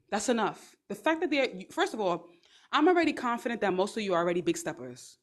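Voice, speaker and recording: A woman's voice: medium pitch, sing-song, quick pace. Blunt, sassy young woman on a livestream. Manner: blunt, sassy and profane, acting out scenarios. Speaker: live-stream host giving advice. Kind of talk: casual advice livestream. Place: at home on a phone livestream.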